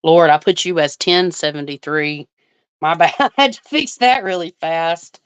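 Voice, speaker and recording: A woman's voice: sits low, normal speed, clear, resonant tone, dry recording. A woman hosting an astrology livestream, chatting casually and thinking aloud while she answers viewer comments.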